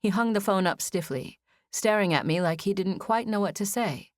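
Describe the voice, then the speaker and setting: A woman reading a first-person novel as an audiobook narrator, in an even, measured storytelling style, on a close studio mic. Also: medium pitch, dry recording.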